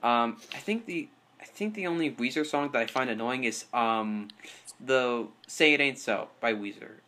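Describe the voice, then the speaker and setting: A young man hosting a casual podcast chat with friends, rambling and filling pauses with ums. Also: medium pitch, animated, pushed and bright. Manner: hurried, rambling, full of fillers. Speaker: podcast host.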